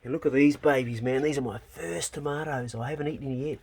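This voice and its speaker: A man's voice: medium pitch, steady tone, fast, creaky, darkish tone, slight background noise. Laid-back New farmer man. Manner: laid-back, chatty, swears casually, talks to his dogs. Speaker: farmer vlogger. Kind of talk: casual walk-and-talk vlog. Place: farm garden and dog kennels, outdoors. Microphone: phone held while walking.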